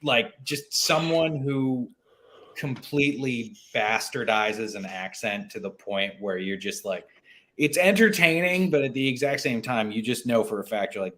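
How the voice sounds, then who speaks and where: A man's voice: mid-range voice, expressive, unhurried, sharp tone. A man in a casual chat, talking emphatically and swearing as he makes his point.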